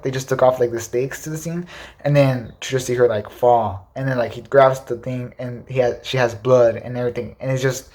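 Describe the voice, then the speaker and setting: A young man giving casual, excitable movie commentary, gushing with repeated words and fillers. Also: medium pitch, fast talker. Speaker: movie reviewer.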